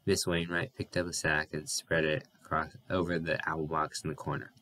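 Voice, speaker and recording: A man reading a novel aloud as an audiobook narrator, steady and even, with an occasional slip and restart. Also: extremely low pitch, a little fast, low-quality recording.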